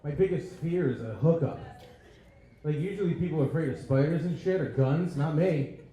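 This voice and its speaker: A man's voice: fairly high pitch, normal speed, warm tone. A man doing a crude, self-deprecating stand-up set on a club stage into a handheld mic, riffing with the crowd. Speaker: stand-up comedian. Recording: echoey club with audience. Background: audience laughter.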